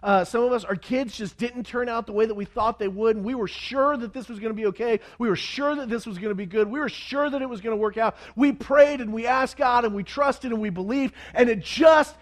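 A man preaching to a congregation, telling a story in an animated way with many stumbling restarts and acted-out quotes. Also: extremely high pitch, brisk, hardly any pauses.

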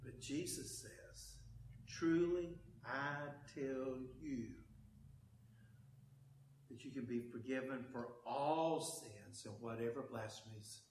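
A man preaching a sermon, with emphatic delivery that swings between loud declarations and hushed low passages. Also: takes it slowly, reverberant, slight background noise. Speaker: pastor. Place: church service.

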